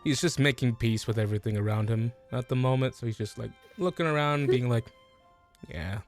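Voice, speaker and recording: A man playing a tabletop game, deadpan and laid-back. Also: mid-range voice, fast, soft background music. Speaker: player. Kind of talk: casual tabletop role-play.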